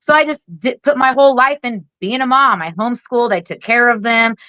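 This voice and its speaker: A woman in her forties talks in a bright, slightly high voice, blunt and rapid-fire, with constant swearing. The sound is close and dry, with no room around her. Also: no room sound, poor audio. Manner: blunt, heavily profane, rapid-fire venting. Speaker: guest, Air Force veteran. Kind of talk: candid podcast storytelling.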